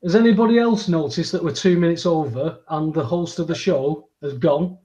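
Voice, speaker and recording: A man's voice: a little high, normal speed, dark tone. A man with a Leigh accent, co-hosting a podcast in an easygoing, casual chat. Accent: Leigh, northwest England. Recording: muffled lo-fi audio.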